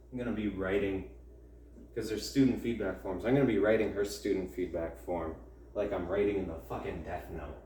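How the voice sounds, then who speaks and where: A man's voice: deep voice, steady tone, normal speed, darkish tone, slight background noise. Young man grumbling through a roomy, distant take. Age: young adult. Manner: rambling, grumbling rants with many fillers. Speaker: college student vlogger. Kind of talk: casual chat during a home workout. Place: at home. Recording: roomy, distant mic, faint ambience.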